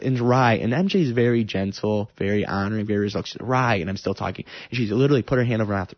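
A man's voice: mid-range voice, fast talker, hardly any pauses, dry recording, muffled recording. A man sharing an earnest, emotional personal testimony about faith and love.

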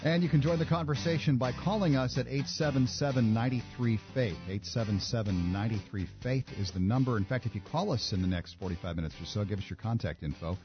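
A man's voice: mid-range voice, brisk, few pauses. A man hosting a radio call-in show, reading promos and interviewing a guest conversationally. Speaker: radio talk show host. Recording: dull lo-fi radio audio with faint music.

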